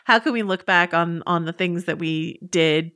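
A woman's voice: fairly low pitch, moderate pace, bright, forceful tone. A woman guest talking casually and chattily, with frequent fillers. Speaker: guest commentator. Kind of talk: casual chat.

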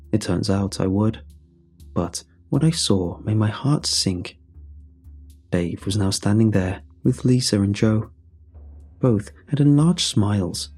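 A man narrating a scripted horror story in a measured, somber way. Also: fairly low pitch, mellow, husky.

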